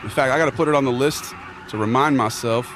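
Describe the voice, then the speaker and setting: A man's voice: medium pitch, quick pace, noisy background. A man streaming a game, chatting casually in a rambling, joking bro manner with mock earnestness. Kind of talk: casual chat while playing a game.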